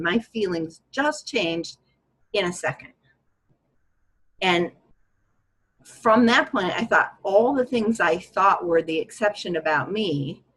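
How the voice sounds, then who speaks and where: Husky low woman telling her story. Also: poor audio. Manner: reflective, candid, lively when quoting her own thoughts. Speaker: guest. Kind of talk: personal storytelling in a conversation.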